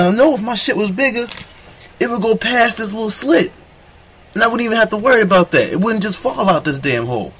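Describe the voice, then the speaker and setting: A man delivers a crude comic monologue in a somewhat high voice, boastful and full of profanity as the story rambles along. Faint noise hums under the recording. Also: a bit bright.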